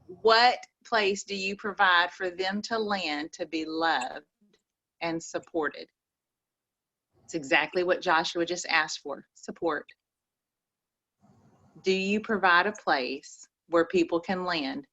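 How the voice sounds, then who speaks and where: A woman's voice: lowish voice, takes it slowly, pauses often, pushed and bright, highs cut off. A woman with an East Texas accent giving folksy, preachy motivational advice on a group call. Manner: folksy, preachy, says y'all.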